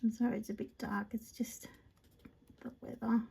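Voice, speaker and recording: A woman demonstrating card-making in a casual tutorial, chatting to herself as she works and often dropping into soft half-whispered asides. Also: fairly high pitch, level tone, normal speed, vocal fry, husky. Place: indoors at a craft table.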